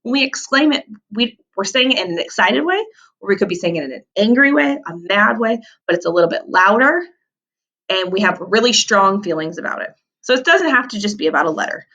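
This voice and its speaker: Animated woman teaching young kids. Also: medium pitch, brisk, lo-fi sound. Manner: animated, stretches out key words for emphasis. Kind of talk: vocabulary lesson for young children.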